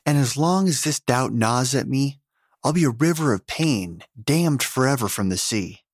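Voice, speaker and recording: A man's voice: mid-range voice, animated, normal speed, breathy edge, dry recording, studio quality, pitched above the performer's own voice. A man reading a story, voicing a grieving, determined young woman who speaks in a tight, strained voice. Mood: strained, defiant.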